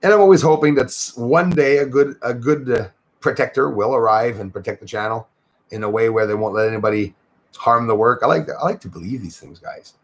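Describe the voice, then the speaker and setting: Talking a little fast in a mid-range voice, a livestream host rambles through casual chat. He calls out viewers by name and reads their comments aloud.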